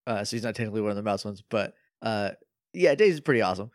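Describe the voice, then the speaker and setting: A man's voice: lowish voice, animated, racing, no room sound, studio quality. A man co-hosting a casual podcast, joking and often laughing as he reacts to his co-host. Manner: laughs often, jokes and chimes in with short reactions.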